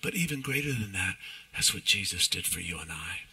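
A preacher voicing a grave, hushed father. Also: low-pitched, expressive, brisk, breathy edge, voice pushed down, exaggerated voice. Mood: solemn. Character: stern but loving father disciplining his son.

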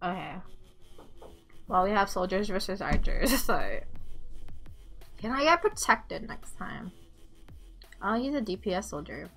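A young woman giving casual, excitable gameplay commentary at home, swearing often and laughing a lot. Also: mid-range voice, unhurried, gravelly, long pauses. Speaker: game streamer. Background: faint game music.

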